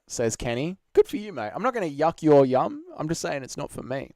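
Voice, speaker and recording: A man's voice: on the high side, sing-song, brisk, hardly any pauses, no echo, studio quality. An Australian man hosting a live stream, answering chat in a blunt, sarcastic, swearing way.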